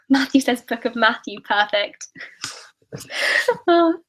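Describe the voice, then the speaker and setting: A woman's voice: a little high, animated, slow pace, a bit bright, a little hiss or hum, rough recording. A teenage girl in a casual live-stream Q&A, reading out viewers' comments and answering them in a chatty, upbeat way. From United Kingdom. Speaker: YouTuber answering live questions.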